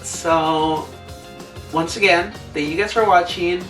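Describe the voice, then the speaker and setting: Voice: mid-range voice, steady tone, slow, fairly bright tone. A young adult vlogger in a rambling, casual advice chat who acts out their own past self-talk. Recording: roomy, distant mic, faint music behind.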